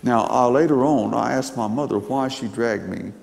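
A man's voice: mid-range voice, moderate pace, gravelly, a little mellow. An older man preaching, telling stories in a folksy, emphatic way. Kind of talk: sermon storytelling. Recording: long hall reverb.

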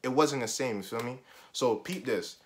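Speaking at a normal speed in a mid-range voice, a young vlogger recounts a school-days story. His casual delivery is full of slang and cursing, jumping from loud outbursts to quiet mutters.

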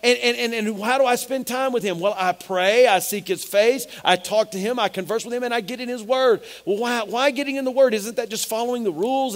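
A middle-aged man preaching a sermon as pastor, emphatic and repetitive, with stammered restarts. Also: high voice.

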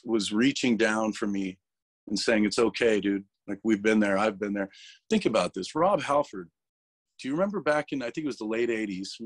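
Male interview guest, low voice, dry close sound, candid and emotional, swears a lot. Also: no echo. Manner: emotional, swearing, restarts words. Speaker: interview guest, metal vocalist.

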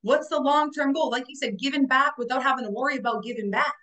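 A woman hosts a motivational agency call over video, speaking in a bright, forceful tone. Her voice sits a little high, and she coaches her listeners, checking in with "right?" after each point. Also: fast talker, low-quality recording. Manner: upbeat, coaching, keeps asking "right?" and addressing "guys". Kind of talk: motivational interview chat.

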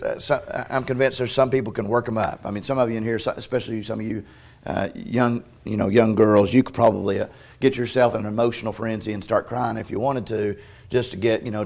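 A male pastor preaching a sermon in a church, swinging between hushed, tender passages and loud, urgent ones, with frequent restarts. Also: medium pitch, gravelly. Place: church sanctuary.

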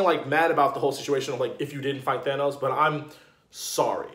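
A man giving a casual video review, ranting in an animated, indignant way with slang and lots of fillers. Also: mid-range voice, brisk, reverberant. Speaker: TV episode reviewer.

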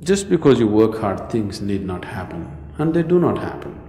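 Mellow man in echoey hall. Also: lowish voice, sing-song, moderate pace, a little hiss or hum. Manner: rhetorical questions, joking asides. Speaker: spiritual teacher. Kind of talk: public spiritual talk. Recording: reverberant hall with soft music.

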